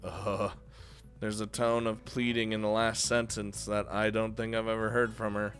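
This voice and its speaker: Man, let's player, excitable, swears, cuts himself off, bright tone. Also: fairly low pitch, moderate pace, soft background music. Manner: excitable, swearing, laughing, breaks off mid-sentence. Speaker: video game let's player. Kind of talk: reading a visual novel aloud with commentary.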